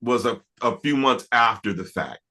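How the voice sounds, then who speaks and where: A middle-aged man talks in a bright, ringing voice at a medium pitch. He tells his story as an interview guest, animated and full of restarts. He often breaks into laughter along the way. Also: moderate pace.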